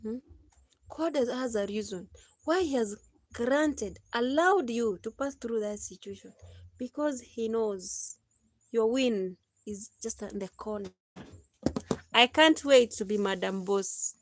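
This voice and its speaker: A woman's voice: fairly high pitch, slow, no echo. A Kenyan woman in her thirties chatting casually on her live stream, laughing often and slipping into preachy advice.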